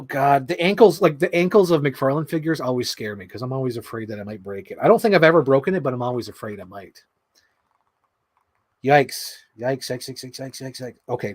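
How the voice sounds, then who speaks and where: Excitable rambling man, dry close sound. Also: mid-range voice, fairly quick, husky, dry recording. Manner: rambling, excitable, swears, acts out quotes. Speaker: toy unboxing vlogger. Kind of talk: casual chat while building a figure.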